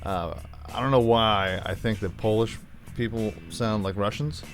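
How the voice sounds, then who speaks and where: Brief: lower-voiced male gaming host, chatty play-along talk, slightly sore throat, quiet music underneath. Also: steady tone, measured pace. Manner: rambling, chatty, thinking aloud. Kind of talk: casual gameplay commentary.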